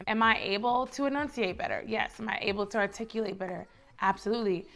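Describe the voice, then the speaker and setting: A woman's voice: medium pitch, quick pace, vocal fry, a bit bright. Chatty young woman from the Bronx. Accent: New York. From the Bronx, New York. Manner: chatty, emphatic, repeats phrases for rhythm. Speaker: lifestyle vlogger. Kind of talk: casual advice monologue.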